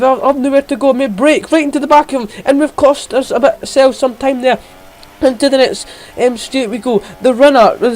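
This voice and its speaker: A man giving excited, rapid play-by-play commentary on his own racing game, jumping up in pitch at the big moments. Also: poor audio.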